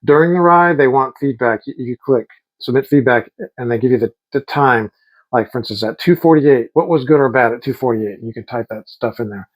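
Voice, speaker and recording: A man's voice: mid-range voice, fairly quick, rough recording. A middle-aged man telling rambling, enthusiastic stories in a casual vlog. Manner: rambling, enthusiastic, quotes people in voices. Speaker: vlogger.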